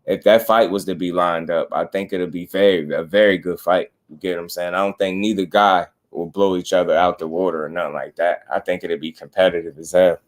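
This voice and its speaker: A man's voice: sits low, fairly even intonation, fairly quick, hardly any pauses. A man hosting a boxing channel live stream, chatting casually with slangy, laid-back talk and greeting viewers.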